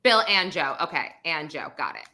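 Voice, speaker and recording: A woman's voice: low-pitched, big pitch swings, normal speed, sharp tone. A woman hosting a podcast, chatting casually over a video call with many fillers. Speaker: podcast host.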